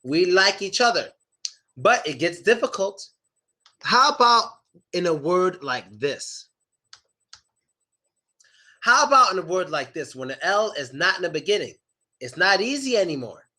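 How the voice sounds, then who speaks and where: A young man teaching pronunciation in a loose, chatty way, stretching out sample words to show how they sound. His voice sits a little high and swings up and down a lot as he demonstrates. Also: big pitch swings, unhurried, long pauses, bright, forceful tone. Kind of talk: casual online lesson.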